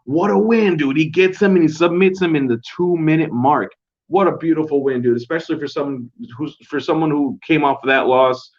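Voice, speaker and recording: A man's voice: a little high, brisk. A young man hosting a casual solo recap show at home, rambling and swearing in a laid-back way. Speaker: podcast host. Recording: dull lo-fi home recording.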